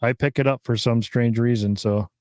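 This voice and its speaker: Excited male podcast host, dry sound. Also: mid-range voice, no echo. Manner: excitable, halting, many fillers and restarts. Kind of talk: casual live podcast chat.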